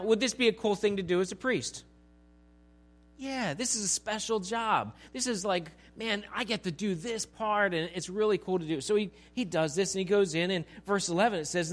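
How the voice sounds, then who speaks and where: A man, a pastor, teaching a Bible passage in a relaxed conversational way, asking his listeners questions and acting out the scenes. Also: high-pitched. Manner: conversational, acts out scenes with asides.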